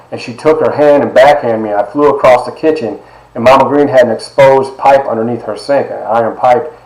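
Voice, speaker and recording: This Ohio man in his forties has a mid-range, somewhat dark voice as he lectures. He shares a frank story from his own life with students, emphatic and chatty, often going off on asides, and the classroom echoes around him.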